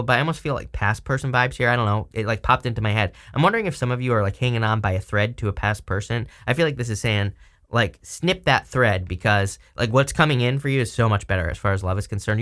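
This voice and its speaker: A man's voice: mid-range voice, a bit bright. A man giving a casual tarot reading, rambling and chatty with lots of fillers. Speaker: tarot reader.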